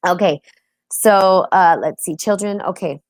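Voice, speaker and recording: A woman's voice: medium pitch, a little slow, no echo. Chatty woman hosting a live stream. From United States. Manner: open, chatty, greets viewers by name. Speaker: host. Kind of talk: casual live-stream talk.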